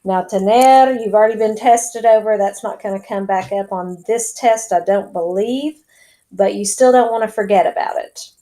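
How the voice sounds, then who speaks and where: A woman's voice: mid-range voice, moderate pace, dark tone, poor audio. A woman teaching a recorded lesson to her students, explaining step by step in a chatty way as she types. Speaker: Spanish teacher. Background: keyboard typing and clicks.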